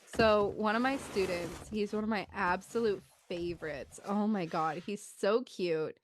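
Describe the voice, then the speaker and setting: A young woman in her twenties co-hosting a podcast. She tells a story in a loose, chatty way, full of "like"s, and acts out the children's voices with big jumps in pitch. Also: unhurried. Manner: loose, chatty telling with many "like"s. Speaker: podcast co-host. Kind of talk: casual storytelling chat.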